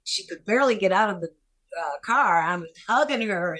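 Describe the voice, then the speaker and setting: A woman's voice: mid-range voice, expressive, moderate pace, a bit bright. An older woman, a guest actress, telling a personal story in a podcast interview, emotional and repeating phrases for emphasis.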